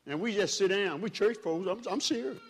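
Male pastor, fiery sermon delivery, swings between loud peaks and quiet stretches, slightly higher voice. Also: lively intonation, fairly quick, slightly rough. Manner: preaching with swells in pitch and volume, calls to the congregation.

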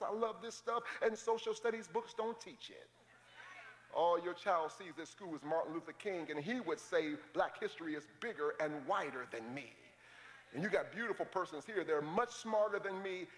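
A man preaching a sermon as pastor, mixing humor and call-and-response in a large church. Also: high voice. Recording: reverberant hall.

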